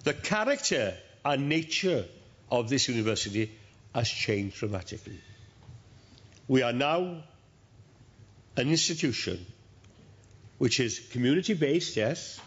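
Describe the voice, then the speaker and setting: A man, addressing graduates at a university ceremony in a measured, storytelling manner with pauses. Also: medium pitch, very animated, fairly bright tone. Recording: dull lo-fi recording.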